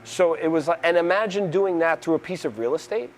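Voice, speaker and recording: A man's voice: fairly high pitch, fairly quick, slight background noise. Man from New York City, casual interview tone, rambling delivery, faint ambience behind. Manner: rambling, restarts often, animated storyteller. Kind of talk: conversational interview.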